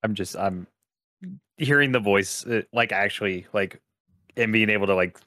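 A man's voice: fairly low pitch, normal speed, pushed and bright, dry recording, clean studio sound. A man interviewing a narrator over a video call, asking questions in a hesitant way packed with fillers. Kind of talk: casual interview chat.

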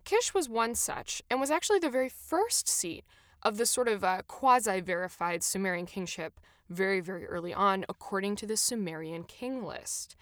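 A woman's voice: mid-range voice, expressive, normal speed, no echo, clean studio sound. A young woman hosting a solo podcast, talking in a chatty, enthusiastic and self-deprecating way. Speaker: podcast host. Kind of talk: casual solo podcast monologue.

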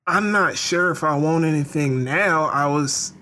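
A player describing character actions in a tabletop game, speaking in a hesitant, halting way. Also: mid-range voice, sharp tone.

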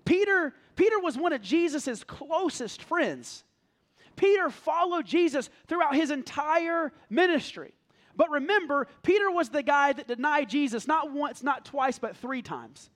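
A man's voice: very high-pitched, unhurried. A man, preaching a conversational, joking sermon to his congregation. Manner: animated, conversational, jokes with congregation. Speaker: pastor. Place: church sanctuary.

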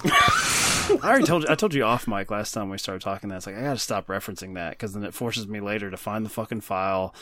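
A man's voice: on the low side, huge pitch swings, fast, pushed and bright, no room sound. A man hosting a casual movie podcast, rambling and joking at his own expense. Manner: joking, rambling, self-deprecating. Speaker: podcast host.

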